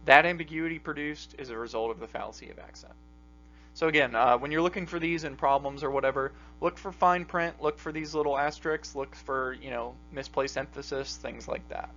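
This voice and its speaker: A man with a medium-pitched, slightly bright voice teaches a logic class. His lecture is casual and full of fillers and pauses. The recording is dull and lo-fi, with a faint mains hum.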